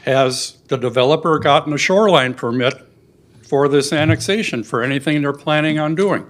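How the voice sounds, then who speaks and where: An older man giving a public comment at a city meeting, earnest and halting, getting emotional at times. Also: a little high, a bit bright. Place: city council chamber.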